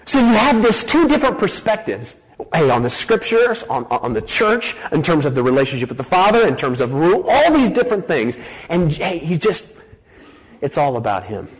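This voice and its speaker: A man's voice: high voice, big pitch swings, moderate pace, slightly rough, poor audio. A man preaching a sermon to a live audience, talking casually with laughing asides and building to emphatic declarations.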